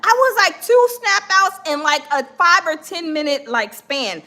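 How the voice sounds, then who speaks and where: A woman's voice: very high voice, very animated, a little slow, pushed and bright. A woman hosting a casual gossip livestream, rambling and chatty with lots of fillers while she searches for clips. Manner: rambling, chatty, many fillers and hold-ons. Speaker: gossip YouTuber host.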